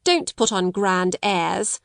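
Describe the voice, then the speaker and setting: A woman's voice: mid-range voice, lively intonation, takes it slowly, gravelly, dry recording, studio quality, exaggerated voice. Woman reading as a harsh scolding schoolmistress. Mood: contemptuous. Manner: sharp, cold, scolding. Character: harsh domineering middle-aged schoolmistress.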